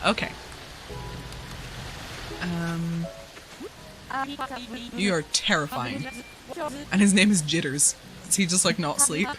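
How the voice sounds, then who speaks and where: A woman's voice: on the low side, slow pace, long pauses, music in the background. A woman streaming a video game from home, chatting casually and giggling as she talks to her viewers and her pets. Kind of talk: casual live-stream chatter while playing.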